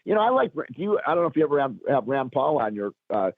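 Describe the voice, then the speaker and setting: Hoarse, raspy man on a phone line. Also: mid-range voice, big pitch swings, quick pace, dry recording. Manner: emphatic, rising to punch lines. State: hoarse from a cold. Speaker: guest commentator. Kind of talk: radio talk show interview.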